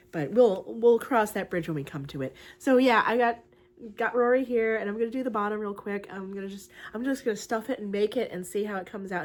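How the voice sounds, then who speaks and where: A young woman, chatting casually and excitedly about her crochet project for her vlog, with lots of fillers. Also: medium pitch. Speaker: crochet vlogger.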